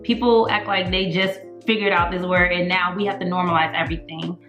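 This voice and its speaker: A woman's voice: on the low side, steady tone, a little fast, reverberant, music in the background. A woman co-hosting a casual chat, speaking in a candid, emphatic and opinionated way. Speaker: podcast co-host.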